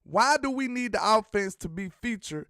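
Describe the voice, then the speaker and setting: A man's voice: sits high, normal speed, no room sound, studio quality. A man hosting a sports talk show, chatting casually and teasing viewers as he reads out their comments. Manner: animated, slangy, teasing the chat.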